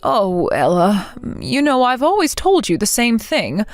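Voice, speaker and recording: A woman voicing a gentle, resilient middle-aged mother who speaks soothingly and reassuringly, in a dramatized text story. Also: on the high side, sing-song, measured pace, no room sound, faint music behind. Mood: encouraging.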